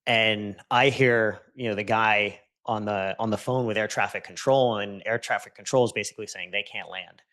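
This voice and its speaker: A man, a podcast guest, recounting a painful personal story in an earnest, intense way, dropping soft and low when he quotes what was said. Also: steady tone, moderate pace, few pauses. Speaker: podcast guest, entrepreneur and coach. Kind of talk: emotional personal storytelling in conversation.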